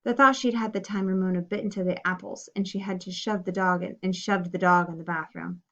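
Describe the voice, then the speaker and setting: A woman reading a children's story aloud in an expressive, animated way. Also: on the low side, fairly quick. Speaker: reader. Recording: dull lo-fi recording.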